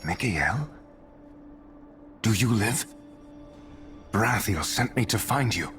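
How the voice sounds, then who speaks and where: A resolute male hero from a dark fantasy game, terse and stern. His voice sits very deep and his words come slow and heavy. Faint music runs behind him. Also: expressive. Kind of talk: game cutscene voice acting.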